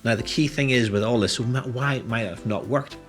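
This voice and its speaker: A man's voice: medium pitch, a little fast, soft background music. A middle-aged man, a hypnotist, talking through a tutorial in a casual, explanatory way. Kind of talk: tutorial commentary.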